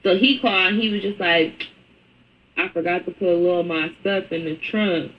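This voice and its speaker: A woman's voice: on the low side, moderate pace. A woman telling a story in casual storytime style, blunt and profane, acting out what people said. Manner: blunt, profane, animated retelling. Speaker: storyteller in a played clip. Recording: dull lo-fi clip with faint noise.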